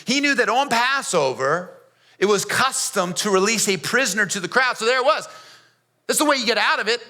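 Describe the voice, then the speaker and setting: A man's voice: sits high, expressive, fairly quick, sharp tone. A pastor, a man, performing as a defiant, streetwise male prisoner, telling his story in the first person with casual, slangy asides. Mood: confiding. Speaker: pastor performing a dramatic monologue. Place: church.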